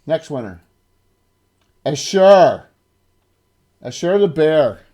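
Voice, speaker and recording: This South Jersey game master and show host, a man with a fairly high, mellow voice, swings widely in pitch and draws out his words. He runs a livestream giving away prizes, joking loosely and restarting often.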